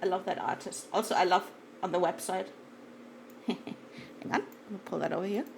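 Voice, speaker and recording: A woman streaming live, chatting casually and gushing excitedly, swearing freely and trailing off into fillers. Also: fairly low pitch, normal speed, vocal fry, background noise.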